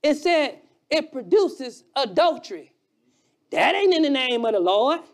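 A preacher delivering an emphatic sermon, shouting key lines and repeating phrases for effect, with quieter, quicker asides in between. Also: sits high, very animated. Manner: drops to a quiet, fast aside at times.

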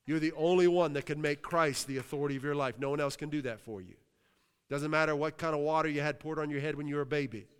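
A pastor from Western Pennsylvania preaches with a smooth, resonant voice pitched a bit high for a man. He shouts hallelujah between points and keeps asking the room if it is with him. His voice rings out with a long reverb from a large hall. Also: fast. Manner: exclaims hallelujah, asks the crowd. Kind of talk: sermon.

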